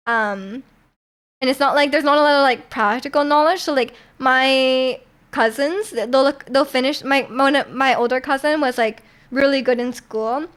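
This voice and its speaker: A woman's voice: high-pitched, normal speed, a bit bright. A young woman from Canada chatting casually with viewers on a live stream, rambling with lots of fillers and laughs.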